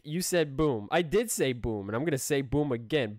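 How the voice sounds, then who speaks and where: A young man streaming video games in a casual way, goofy and self-mocking, jumping between high squeaks and low mumbles. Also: expressive, normal speed, few pauses, a little mellow. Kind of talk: casual gaming commentary.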